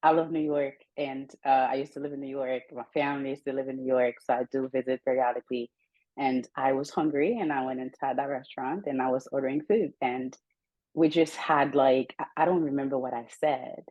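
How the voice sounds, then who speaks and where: A young Haitian woman with a Haitian accent, interviewing and telling stories in a lively way, often laughing. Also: extremely low pitch, a little fast, dry recording, dull audio. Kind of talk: conversational interview.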